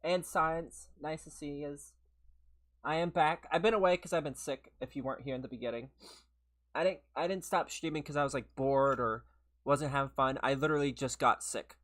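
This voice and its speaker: Slightly hoarse, chatty gaming streamer. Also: medium pitch, steady tone, normal speed, a bit bright. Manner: chatty, laughs often, greets viewers by name. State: slightly hoarse from a recent illness. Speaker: gaming livestreamer. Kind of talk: casual live-stream chat while playing.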